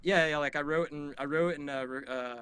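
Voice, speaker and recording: A man's voice: fairly high pitch, steady tone, fairly quick, pushed and bright, clear, resonant tone, no room sound. A man in his late twenties, a musician guest on a video call, talking in a laid-back, modest way with many fillers and frequent laughs. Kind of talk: casual interview chat.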